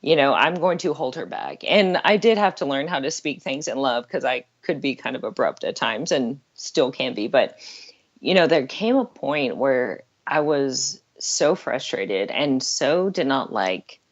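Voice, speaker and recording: A woman's voice: rumbling low, lively intonation, unhurried, muffled recording. A middle-aged woman talking earnestly and candidly as a guest on an interview podcast, laughing now and then. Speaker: life coach guest.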